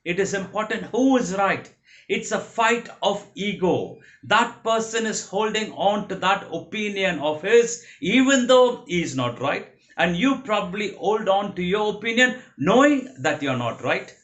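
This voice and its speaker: A man's voice: sits high, animated, unhurried, fairly bright tone. A man giving a training lecture on persuasion, explaining principles in a didactic way and repeating the key points. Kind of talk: motivational training talk.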